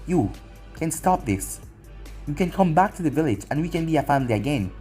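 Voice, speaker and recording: A man's voice: fairly high pitch, expressive, a little fast, a little mellow, soft background music, lightly acted. A man voicing a ninja leader and father who pleads earnestly with his estranged son. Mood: pleading.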